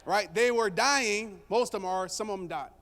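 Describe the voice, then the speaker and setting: Speaking at a normal speed in a high, fairly bright voice, a man delivers a motivational talk on stage. He tells a relaxed story and trades jokes with the audience, with long reverb from the hall.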